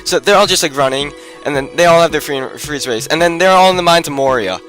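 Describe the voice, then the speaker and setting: This gameplay commentator is a man with a slightly high, somewhat bright voice who talks quickly over faint background music. He rambles through a story stuffed with "like," breaking off now and then to comment on his own play.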